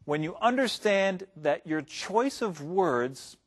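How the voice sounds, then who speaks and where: Slow-speaking man host. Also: high-pitched, animated. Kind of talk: presenting to listeners.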